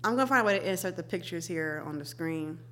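A woman's voice: fairly low pitch, animated, fast, fairly bright tone, a little hiss or hum. A young woman co-hosting a casual chat show, slangy, laughing easily and talking with animation. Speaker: podcast co-host.

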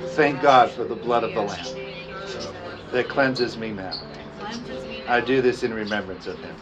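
A man preaching a communion sermon, reading scripture aloud, slowing down on key phrases and leading the congregation in repeating lines. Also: fairly low pitch. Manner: emphatic, slows down on key phrases. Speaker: pastor. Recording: dull lo-fi sound with music behind. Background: music playing.

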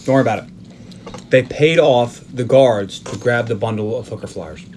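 A man's voice: medium pitch, moderate pace, a little mellow, slight background noise. Casual man recapping a film. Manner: narrates scenes, acting out quoted lines, swears casually. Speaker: podcast host. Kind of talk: casual movie recap chat.

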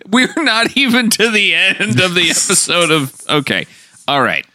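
A man's voice: sits high, lively intonation, unhurried, sharp tone. A man hosting a podcast, animatedly recapping a TV episode in casual, jokey chat. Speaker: podcast host.

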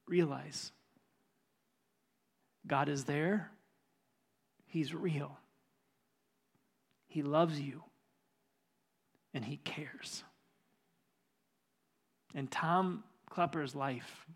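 A man preaching a sermon, retelling a conversation with quiet hushed stretches and rising, intense passages. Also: on the high side, creaky, breathy edge. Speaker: pastor. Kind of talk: sermon storytelling. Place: church.

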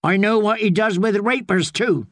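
A man's voice: high-pitched, moderate pace, fairly bright tone, no room sound, studio quality, voice pushed up. A man voicing a tall, stern young woman warrior in a storybook reading, blunt and stiff. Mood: defiant.

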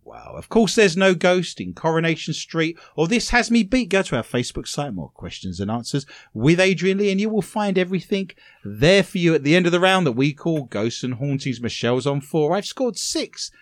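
A man's voice: on the high side, big pitch swings, normal speed, few pauses, no echo. A middle-aged man hosting a comedic paranormal radio show, teasing his co-hosts and laughing often. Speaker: host.

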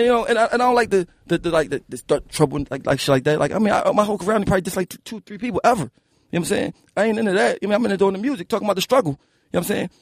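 Philly rapper dude, husky voice, high and all over the place, cussing and storytelling. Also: male voice, no echo, studio quality. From Philadelphia. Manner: animated, profane, keeps asking "you know what I'm saying". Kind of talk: casual interview storytelling.

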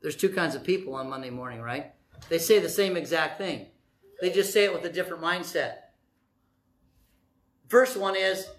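Animated preacher in a roomy hall. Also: male voice, on the high side, normal speed, long pauses. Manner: animated, jokey preaching with acted-out voices. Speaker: pastor. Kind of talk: sermon.

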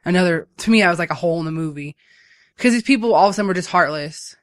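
A speaker in casual chat, retelling a movie's plot in a rambling, animated way with many fillers. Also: mid-range voice, racing, dry recording, studio quality. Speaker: movie recapper.

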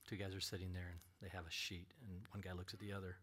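A middle-aged man preaching, who tells a personal story with animated delivery and acts out other voices. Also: low voice, racing. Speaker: pastor.

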